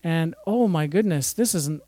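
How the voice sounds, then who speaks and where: A man's voice: on the high side, unhurried, dark tone, no echo. A man giving an informal Bible teaching, reading scripture with chatty, jokey asides. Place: church or fellowship hall.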